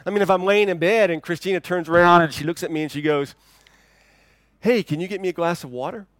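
A pastor preaching in a conversational, dynamic way, swinging from loud, emphatic lines to hushed ones. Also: male voice, sits high, quick pace, no echo. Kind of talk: sermon.

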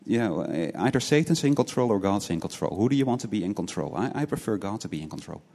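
Male preacher, lowish voice, earnest, rhetorical questions, word-repeating restarts, long church-hall reverb. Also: lively intonation, fast talker, gravelly, dark tone. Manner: asks many rhetorical questions, tagging points with "right?". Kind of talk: sermon.

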